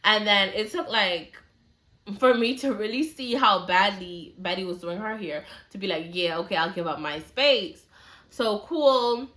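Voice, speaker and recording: A woman's voice: mid-range voice, unhurried, sharp tone. A woman telling a story in a casual, chatty way, full of slang and "like" fillers.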